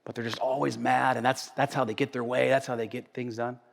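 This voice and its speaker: A male pastor preaching a sermon in a church sanctuary, conversational, swinging from loud emphasis to quiet asides. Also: medium pitch, little pitch movement, brisk, gravelly. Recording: echoey church hall.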